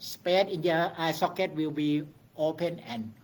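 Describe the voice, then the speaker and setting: A man teaching meditation to a group in a room, speaking in simple, halting English and often stopping to ask "okay?". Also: on the high side, slight background noise.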